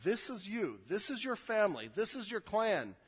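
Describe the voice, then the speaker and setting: A man's voice: high-pitched, big pitch swings, moderate pace, slightly rough. A young adult male pastor preaching an earnest sermon, often repeating words as he builds a point. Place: church sanctuary. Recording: long hall reverb.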